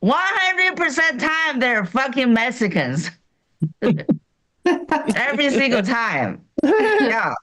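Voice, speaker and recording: A woman comic from China with a high, lively voice performs a stand-up set on a comedy club stage. Her delivery is deadpan, in slightly broken English with pauses, as the audience laughs.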